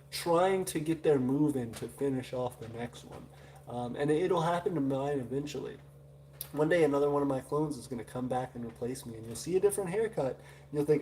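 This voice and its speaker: Brief: male stream host with a Southern drawl, warm, relaxed tone, loose chatty delivery full of "uh"s. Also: mid-range voice, slight background noise. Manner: rambling, many "uh" fillers. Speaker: livestream host. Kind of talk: casual live chat reading viewer comments.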